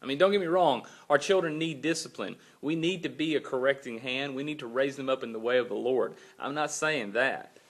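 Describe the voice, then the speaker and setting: This church-volunteering father shares a personal vlog story about being up all night, bringing his own quoted remarks to life animatedly and casually. His voice is mid-range, and he talks a little fast with few pauses.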